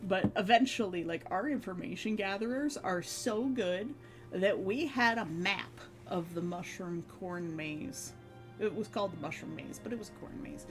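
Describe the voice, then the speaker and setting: A woman's voice: mid-range voice, moderate pace, over music. A woman streamer chatting casually, rambling with fillers and frequent laughs. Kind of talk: casual chat.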